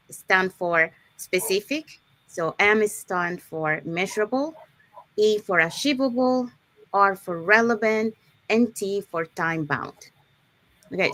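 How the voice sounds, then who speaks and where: Her mid-range voice is fairly bright, with no echo, as she leads an unscripted live online workshop full of fillers and restarts. She walks through points step by step and keeps asking the audience "okay?".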